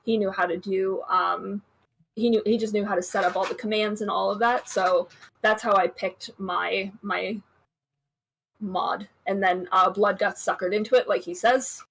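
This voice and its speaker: A woman with a slightly husky voice, a guest artist chatting casually on a stream over a call. She rambles in an easygoing way and fills gaps with "um" and "like.". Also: mid-range voice, steady tone, moderate pace, a bit bright. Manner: easygoing, rambling, lots of fillers.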